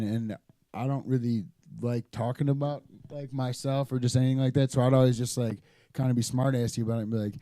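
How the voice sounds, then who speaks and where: A man guesting on a casual podcast, talking in a loose, rambling way full of fillers. His voice is very dark and mellow. The sound is dry and close, with little room in it. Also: mid-range voice, steady tone, brisk, no room sound. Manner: laid-back, rambling, lots of fillers. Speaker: guest designer.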